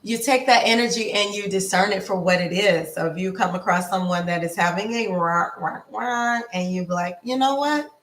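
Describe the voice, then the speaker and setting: A woman life coach giving a casual motivational talk, slow and repetitive in an affirming way. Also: mid-range voice, a bit bright, reverberant, far from the mic. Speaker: lifestyle coach.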